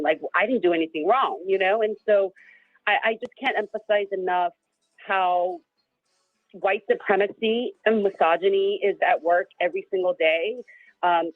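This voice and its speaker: A woman guest on a radio show, speaking earnestly with many fillers, audibly emotional and near tears. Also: medium pitch. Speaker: guest, advocacy group director. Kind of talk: radio interview. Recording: thin phone line, dry.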